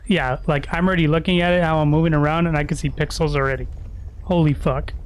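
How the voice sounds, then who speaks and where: A man's voice: fairly high pitch, fairly even intonation, fast, clean tone. A man giving casual, crude and profane commentary while streaming a video game. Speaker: gaming streamer.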